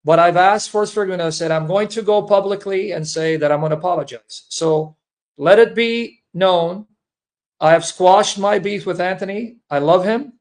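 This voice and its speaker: Earnest high-voiced man, emotional. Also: normal speed. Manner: earnest, repetitive, addresses listeners as brethren. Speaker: Christian apologist livestream host. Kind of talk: emotional personal statement on livestream.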